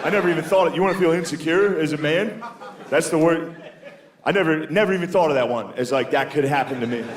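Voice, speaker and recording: This comic, a man in his thirties, talks fast in a higher voice during his club set, swearing freely, running himself down and breaking into goofy voices. Loud crowd laughter fills the live recording.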